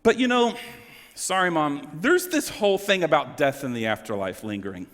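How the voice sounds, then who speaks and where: A high-voiced man preaches a sermon in a church sanctuary, earnest and openly emotional. His voice carries a long reverb tail from the hall around him. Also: very animated, moderate pace, a bit bright. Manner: emotional, earnest preaching with dramatic swings in pitch. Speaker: pastor.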